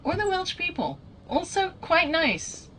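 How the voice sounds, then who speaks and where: A woman's voice: extremely high pitch, big pitch swings, unhurried, fairly bright tone, a little hiss or hum, low-quality recording. A British woman streaming a video game, chatting with her viewers in a rambling, giggly way and laughing often. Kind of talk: casual gameplay commentary chatting with viewers. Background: game music.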